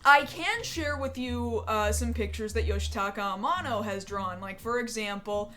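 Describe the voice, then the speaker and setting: A young woman hosts a casual talk show, her voice sitting fairly high. She rambles along with lots of fillers and restarts. A faint hiss runs behind her. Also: moderate pace, sharp tone. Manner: chatty, rambling with many fillers. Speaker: show host. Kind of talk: casual chat.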